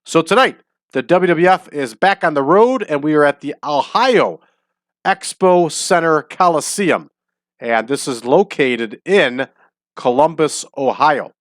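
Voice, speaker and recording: A man's voice: on the high side, expressive, measured pace, dry recording, studio quality. A man hosting a casual let's-play of a wrestling booking game, upbeat and chatty, often breaking into laughter. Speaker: host.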